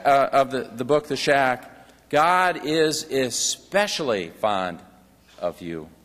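A man preaching a sermon as pastor, slow and earnest, reading passages from a book aloud. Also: a little high, a bit bright, long reverb tail.

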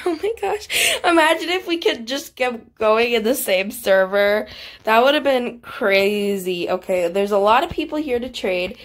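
A bubbly, giggly woman chatting through casual gameplay commentary as the host, her voice fading now and then. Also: on the high side. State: voice keeps fading. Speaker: YouTuber host.

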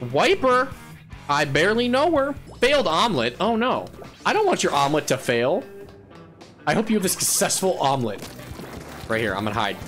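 A playful male game streamer with a bright, forceful voice that swings widely as he jokes and laughs his way through a match. He chatters casually to his viewers and bursts into yells at his wins. Faint music plays behind him. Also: fairly high pitch. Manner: playful and goofy, laughing often and yelling at wins. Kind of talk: casual live gameplay chatter.

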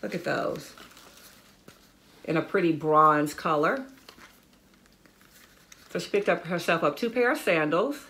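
A woman's voice: lowish voice, a little slow, long pauses, fairly bright tone. A middle-aged woman chatting casually to her viewers about a shopping haul, enthusiastic and talkative, calling them y'all and guys. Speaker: fashion vlogger. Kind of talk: casual haul video chat.

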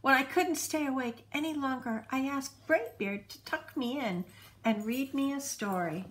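A woman storyteller reading a children's storybook aloud in an unhurried, expressive way. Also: sits high, slight background noise.

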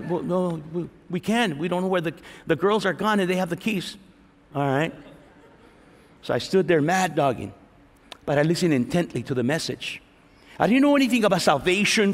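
A middle-aged man, preaching a lively sermon testimony as a pastor and acting out the voices in his story. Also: sits high. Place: large church hall. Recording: reverberant church hall.

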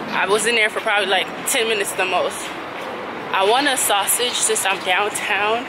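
A woman's voice: mid-range voice, background noise. A woman, a mother of two chatting casually and exasperatedly to her vlog viewers. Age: 20s. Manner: talkative and exasperated, venting to viewers. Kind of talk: casual vlog chat to camera.

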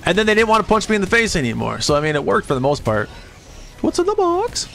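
A man streams a game and rambles freely, swearing as he talks, his voice pitched a little high. He jumps into squeaky high voices whenever he quotes someone. Quiet music plays faintly underneath. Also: sing-song, racing, creaky. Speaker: livestreamer. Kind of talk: rambling casual chat while gaming.

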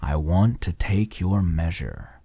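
A man plays a deep-voiced, sly frog tailor in a hushed whispered role-play. He coaxes slowly in a dark, husky tone, very close and dry. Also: lively intonation, dry recording, heavily acted. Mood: coaxing. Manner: coaxing, slow and drawn out. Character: big-mouthed male frog tailor, sly and jolly.

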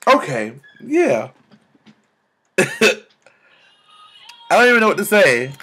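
A young man vlogging about faith, exclaiming and repeating words in bursts of excitement, talking into a camera. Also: high-pitched, slow pace, husky. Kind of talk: excited spiritual vlog testimony.

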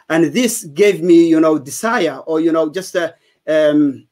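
Man, English, halting testimony, fairly high-pitched voice. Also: a little mellow. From Somalia. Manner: halting, many fillers and restarts. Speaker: guest giving testimony. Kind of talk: personal testimony interview.

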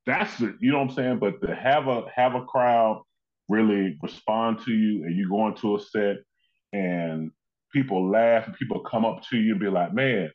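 On dull-sounding audio, a fairly low-pitched man speaks at normal speed. He is a comedian and actor guesting on an interview, and he animatedly acts out the people he quotes while telling conversational stories.

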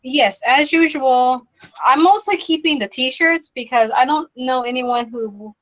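Bubbly chatty woman, high voice. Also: a little slow, fairly bright tone, dull audio. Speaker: podcast co-host. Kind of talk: casual chat.

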